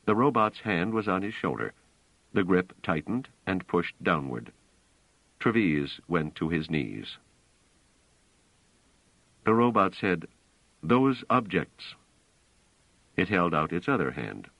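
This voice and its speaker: A man narrating an audiobook in a measured, expressive way, in a dry, dull recording. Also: low-pitched, creaky, no echo.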